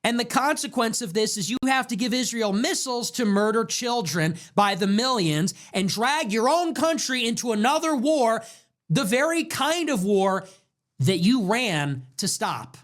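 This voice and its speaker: A young man hosting his own show, delivering an impassioned political commentary monologue full of rapid rhetorical questions. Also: extremely high pitch, expressive, a bit bright. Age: young adult. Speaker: show host.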